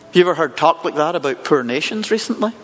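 A man's voice: a little high, animated, fast, fairly bright tone, slight background noise. A man preaching a sermon, telling a Bible story with rhetorical questions. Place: church hall with congregation and online viewers. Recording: long hall reverb.

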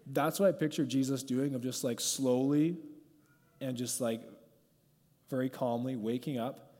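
A man preaching in a relaxed, chatty way, drifting off his notes and filling his sentences with "like". His voice sits at an ordinary middle pitch, and it carries a long reverb from the hall around him. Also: a little slow. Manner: conversational, peppered with "like", going off script. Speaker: pastor. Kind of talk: informal sermon and prayer.

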